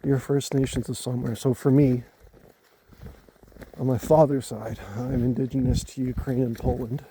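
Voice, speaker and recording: A man from Canada talking casually to his phone in the woods at night, halting and musing as he repeats words while gathering his thoughts. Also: medium pitch, flat delivery, dark tone, a little hiss or hum. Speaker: vlogger. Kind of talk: casual rambling talk to camera. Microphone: handheld phone.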